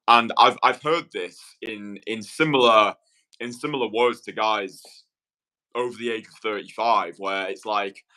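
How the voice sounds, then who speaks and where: A man hosting a casual interview speaks in a lowish, bright and forceful voice. He is measured and reflective, feeling his way through each point with small restarts. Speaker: host and dating coach.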